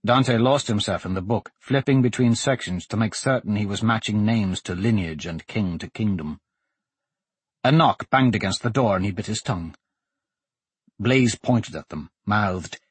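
A man narrating a story as an audiobook reader, expressive and voicing each character. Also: lowish voice, unhurried, breathy edge, no room sound. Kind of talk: scripted narration.

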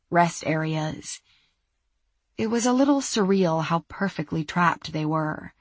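A woman narrating a suspense audiobook in a measured, even storytelling manner. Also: deep voice, slightly rough, no echo. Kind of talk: scripted narration.

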